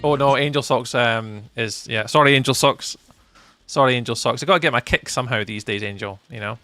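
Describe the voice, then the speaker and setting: A young Scottish man chatting casually with viewers on a live game stream, playful and reading chat out loud. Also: mid-range voice, brisk, dry recording, soft background music.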